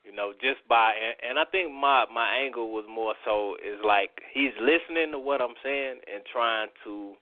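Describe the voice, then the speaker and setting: Man hosting a radio panel, hesitant and loose, mid-pitched voice, dry tinny phone sound. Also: normal speed, few pauses, no echo. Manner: loose, hesitant, many fillers. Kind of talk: casual radio round-table chat.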